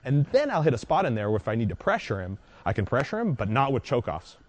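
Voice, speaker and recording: A man's voice: medium pitch, wildly swooping pitch, quick pace. A man dog trainer explaining a technique in a casual, conversational teaching style, often checking in with the listener.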